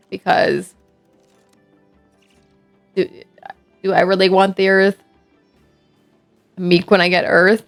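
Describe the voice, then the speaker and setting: A woman's voice: mid-range voice, little pitch movement, takes it slowly, creaky, long pauses. A woman streamer, chatting playfully with her viewers, teasing and laughing a lot. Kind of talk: casual live-stream chat while gaming. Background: faint game music.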